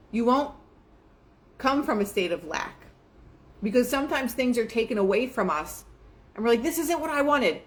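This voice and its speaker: A young adult woman hosting a casual motivational talk, chatty and full of fillers, acting out quoted asides. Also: medium pitch. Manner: chatty, filler-heavy, quotes herself and others in lively asides. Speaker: manifestation show host.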